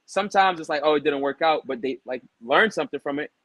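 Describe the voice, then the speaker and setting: Speaking quickly, a young barber appearing on an interview show spins laid-back stories crowded with fillers like "um" and reenacted exchanges. His pitch sits slightly high for a man, and the sound is close and dry without any echo.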